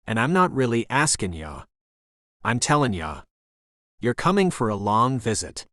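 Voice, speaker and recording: A man's voice: medium pitch, big pitch swings, normal speed, bright, forceful tone, no echo, studio quality. A man voicing an Irish resort owner who talks in a lilting, insistent way.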